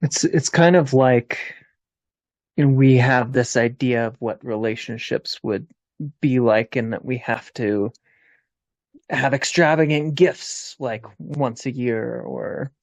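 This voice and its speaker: A man hosting a casual conversation, talking in a measured way and listening closely. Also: mid-range voice, fairly even intonation, dry recording.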